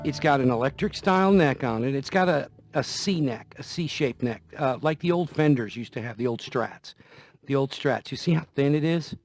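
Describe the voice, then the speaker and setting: A man's voice: mid-range voice, animated, moderate pace. Folksy man talking guitars. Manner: conversational, folksy, repeats himself. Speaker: guitar vlogger. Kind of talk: casual demonstration talk. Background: guitar playing.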